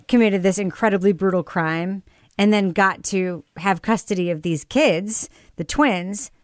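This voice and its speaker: A woman hosting a casual discussion, animated, her pitch leaping up on her questions. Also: no room sound, clean studio sound. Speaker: podcast host.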